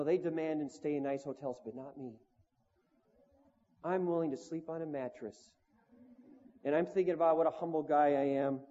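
A man's voice: a little high, mellow. A man preaching a storytelling sermon in a conversational, self-mocking way, with lots of "you know" and "like". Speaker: preacher and touring band leader. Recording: lo-fi recording in a long-echo hall.

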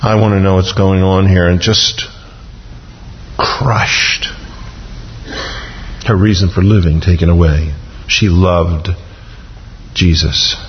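Low-voiced preacher in a reverberant hall. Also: male voice, little pitch movement, slow, long pauses, slight background noise. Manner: dramatic, acts out biblical dialogue with humor. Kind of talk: sermon. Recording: dull lo-fi recording with long reverb.

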